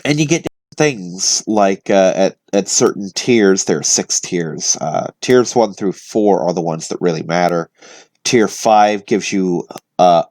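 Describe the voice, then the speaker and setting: A young man rambles casually through his weekly vlog in a somewhat low voice. He talks loosely, restarts his sentences and leans on fillers. The sound is close and dry, with no room around it. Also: a little mellow, no room sound. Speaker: vlog host.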